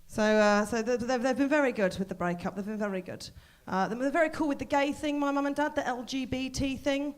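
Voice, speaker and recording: A woman from Portsmouth, performing a self-deprecating stand-up set at a live comedy venue. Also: high voice. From Portsmouth, England. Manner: quick self-deprecating storytelling.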